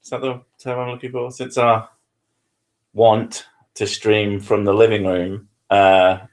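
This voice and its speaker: A man's voice: fairly low pitch, flat delivery, unhurried, a little mellow. A man, hosting a live stream from his living room with crude, self-mocking banter. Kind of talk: casual live-stream chat.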